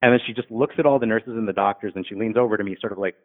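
A man casually recounts stories from his ambulance shifts, jumping into high, squeaky voices to play the people he met. His voice comes through thin and tinny, like a phone line. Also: rapid-fire. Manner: animated, acts out drunk patients in high voices. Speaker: guest, former paramedic. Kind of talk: casual storytelling.

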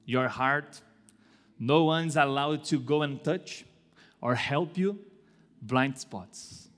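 Slow, deliberate male pastor preaching. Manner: slow, deliberate delivery with dramatic swings in pitch and loudness. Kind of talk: sermon. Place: church. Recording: echoey church hall.

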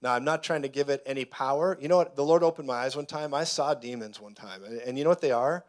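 Male preacher, casual sermon teaching, acts out dialogue, mid-range voice, conversational and lively. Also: medium pitch, fast talker. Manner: animated storyteller who acts out dialogue.

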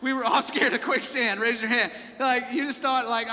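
A man preaching with a very high, piercingly bright voice that rings through a reverberant church hall. He keeps calling out to the congregation, repeats his key phrases, and climbs into shouts. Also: fairly even intonation, moderate pace. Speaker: pastor. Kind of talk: sermon. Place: church service.

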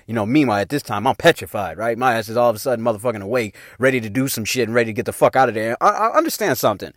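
A man's voice: mid-range voice, racing, hardly any pauses, no echo, clean studio sound. A middle-aged man hosting his own show, telling a personal story in casual, profane slang. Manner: profane, animated, slangy street talk. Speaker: podcast host telling a story.

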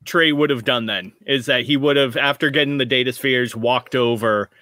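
Bright, sharp-toned man as a tabletop player, casual and musing, dry sound. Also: mid-range voice, steady tone, moderate pace, no echo. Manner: casual, thinking out loud. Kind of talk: tabletop game play.

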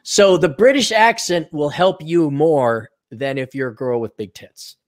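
An American man hosting a casual podcast chat, talking in an animated, joking way with quick asides. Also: on the high side. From United States. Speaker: podcast host.

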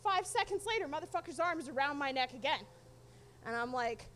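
Very high-voiced woman telling a story. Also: lively intonation, a little fast, a bit bright. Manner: candid, profane, wry. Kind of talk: live personal storytelling.

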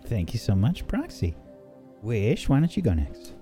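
A man's voice: on the low side, huge pitch swings, mellow, faint music behind. Man hosting with lots of ums. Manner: halting, filler-heavy delivery. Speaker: game master and show host. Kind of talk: casual stream outro with shout-outs.

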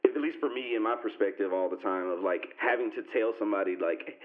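A man with a fairly low voice recounts an encounter in a relaxed group chat. He brings it to life by mimicking other people, his pitch leaping up for each quote. The sound is tinny and narrow, like a phone line. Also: fairly quick. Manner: animated, acts out quoted voices with sharp pitch jumps. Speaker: podcast guest telling a story. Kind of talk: casual storytelling in a group conversation.

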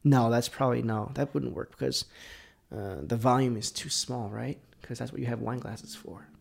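Gravelly man rambling through a whiskey tasting. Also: medium pitch, moderate pace. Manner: rambling, self-correcting, muttering asides to himself; drops to near-whispers between louder bursts. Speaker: podcast host. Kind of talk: casual solo whiskey tasting talk.

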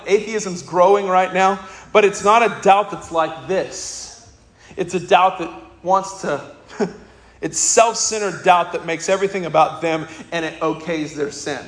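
A man's voice: high-pitched, normal speed, roomy sound. A man preaching a sermon with passion, asking the congregation direct questions and crying out when he quotes the anguished father. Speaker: pastor.

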